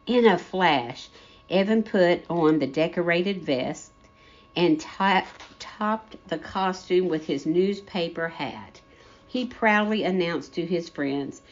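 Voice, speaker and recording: A woman reading a children's story aloud as narrator, gentle storyteller style. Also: on the low side, slow. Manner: gentle storyteller, character voices for quotes. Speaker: story reader. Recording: dull lo-fi audio.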